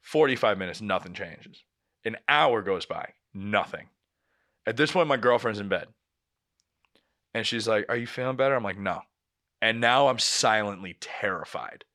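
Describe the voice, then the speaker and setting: A man's voice: on the low side, normal speed. A young man casually telling a story on a podcast, swearing freely and acting out what people said. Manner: animated storyteller, swears a lot, acts out quotes. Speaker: podcast co-host.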